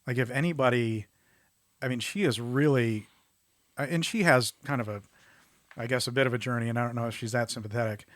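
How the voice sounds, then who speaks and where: Animated man co-hosting a film podcast. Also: medium pitch, no echo. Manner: animated, acts out characters' lines in quick impressions. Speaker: podcast co-host. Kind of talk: casual film discussion.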